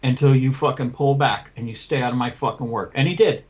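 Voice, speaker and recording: A man's voice: mid-range voice, brisk, highs cut off. Blunt, profane man telling a story. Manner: blunt, profane, tells stories with quoted dialogue. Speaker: window cleaning business owner. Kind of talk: casual podcast chat, storytelling.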